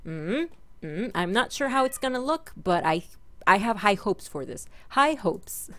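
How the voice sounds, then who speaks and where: A woman hosts a gaming channel in a mid-range, fairly bright voice with lively intonation and an unhurried pace. Her let's-play commentary is casual and playful, and she chats to her in-game pets as she plays.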